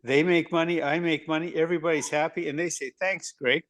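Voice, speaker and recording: A man's voice: a little high, flat delivery, fast talker, slight background noise. An older man sharing in a group call, a longtime lawyer with an emphatic, wry, plain-spoken manner. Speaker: course participant, longtime lawyer. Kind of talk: casual group share.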